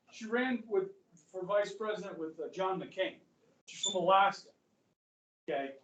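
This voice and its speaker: A man's voice: high voice, a little slow, long pauses, a bit bright, a little hiss or hum. A male history teacher giving a chatty, rambling classroom lecture and often checking in with students. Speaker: high school history teacher. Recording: echoey classroom from far off.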